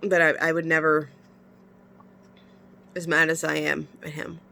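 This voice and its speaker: A woman's voice: sits low, little pitch movement, a little slow, vocal fry, bright, forceful tone, slight background noise. Tearful woman venting, stuffy-nosed. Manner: emotional, frank venting with sighs. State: stuffy nose from crying. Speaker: vlogger. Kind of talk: casual confessional vlog.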